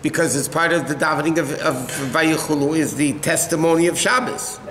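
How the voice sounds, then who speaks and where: With crowd noise around him, a rabbi from the United States leads a lecture on halacha in a hall full of echo, speaking a little fast in a slightly high voice. He explains in an easygoing way and answers questions as they come.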